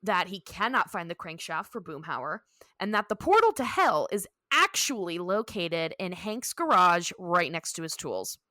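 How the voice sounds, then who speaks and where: A woman co-hosting a podcast, animatedly recapping an episode in casual chat and dipping into quick character voices. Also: on the low side, big pitch swings, bright, forceful tone, dry recording, clean studio sound. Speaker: podcast co-host.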